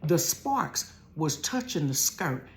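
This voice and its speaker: This Ohio woman's voice sits low and swings widely in pitch as she slowly tells a storytime from her bedroom, with slight background noise. Chatting casually with her viewers, she calls them "y'all" and "honey" and moves between soft asides and loud laughter.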